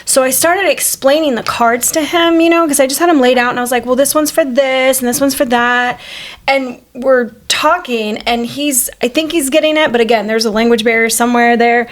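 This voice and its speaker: A woman in her forties co-hosting a podcast, telling a story in a casual, animated and profane way. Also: high-pitched, brisk. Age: 40s. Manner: animated, profane, acts out quoted voices. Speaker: podcast co-host.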